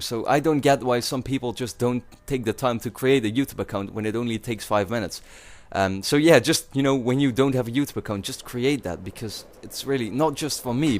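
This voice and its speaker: A young man from the Netherlands with a Dutch accent, rambling casually to his viewers with many fillers and restarts. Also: medium pitch. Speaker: YouTuber.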